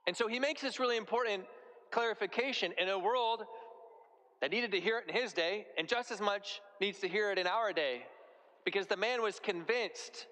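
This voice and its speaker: Bright-voiced priest in an echoey church. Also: male voice, high-pitched, moderate pace. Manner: conversational, relaxed preaching with everyday comparisons. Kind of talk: sermon.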